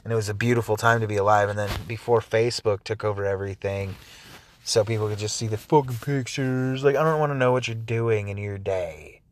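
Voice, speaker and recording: A man's voice: fairly low pitch, a little fast. A man hosting a music show, ranting angrily and swearing heavily between songs. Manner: angry, swearing, rambling. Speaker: show host.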